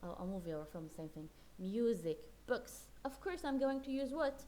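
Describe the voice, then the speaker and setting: With a high-leaning, dark-toned voice that swings widely in pitch, a woman teaches English at a moderate pace. Mixing Arabic and English in the classroom, she explains words patiently, repeats them, and checks that everyone is following.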